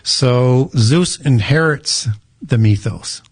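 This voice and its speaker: A man's voice: medium pitch, slow pace, no echo. A man explaining ancient myths as an interview guest, lecturing and correcting the host with frequent restarts. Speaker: guest author and researcher.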